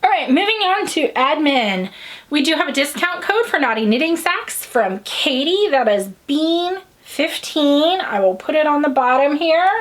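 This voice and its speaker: A woman's voice: high-pitched, expressive, a little slow, fairly bright tone. An American woman hosting a podcast in a loose, rambling, upbeat chat with the odd swear word. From United States. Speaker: podcast host. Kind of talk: casual chat.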